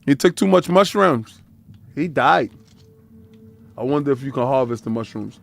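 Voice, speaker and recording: A man's voice: mid-range voice, expressive, moderate pace, creaky, pauses often. A man streaming a video game, talking in a casual, slangy, joking way and laughing often. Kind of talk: casual gaming commentary.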